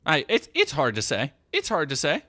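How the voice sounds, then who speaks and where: A male streamer riffing on clips in a loose, sarcastic way, swearing freely. His voice is bright and fairly high for a man, and it swings up and down a lot as he gets worked up. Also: normal speed. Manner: animated, sarcastic, profane. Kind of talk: casual commentary on clips.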